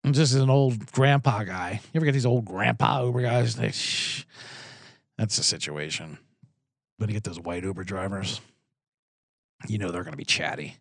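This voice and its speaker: A man's voice: on the low side, moderate pace, vocal fry, pauses often, no room sound, clean studio sound. A man hosting a podcast, ranting sarcastically and telling profane stories with acted-out quotes. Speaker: podcast host. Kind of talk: comedic rant.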